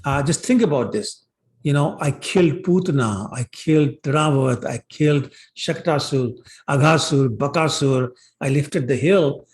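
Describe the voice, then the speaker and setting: In an unhurried, mid-range voice, a class speaker walks through scripture as casual storytelling. He sprinkles in plenty of "you know" and similar fillers while voicing what the characters say.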